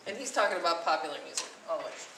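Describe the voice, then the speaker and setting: A woman's voice: on the low side, animated, racing, gravelly, pushed and bright. A woman music teacher leading a class, singing note names to demonstrate and quizzing students. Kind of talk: classroom lesson with sung solfege. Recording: echoey classroom from far off, noisy.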